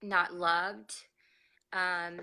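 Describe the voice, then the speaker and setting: A woman life coach opening a live online masterclass over a video call, excited and emotional, laughing often. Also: lowish voice, drawn-out words, poor audio.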